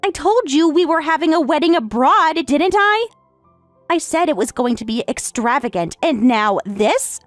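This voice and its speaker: A woman voicing an entitled young daughter who is about to marry, speaking in a shrill, indignant way. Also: lively intonation, moderate pace, dry recording, faint music behind.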